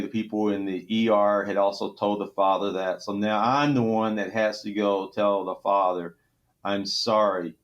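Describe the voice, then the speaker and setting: A middle-aged man from Texas with a Texan accent, a trauma surgeon telling an emotional story in an interview, earnest and halting with restarts. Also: on the low side, highs cut off.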